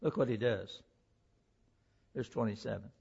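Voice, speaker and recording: A male pastor preaching a sermon, reading scripture aloud and explaining it with animated emphasis. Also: on the low side, measured pace, gravelly, husky, muffled recording.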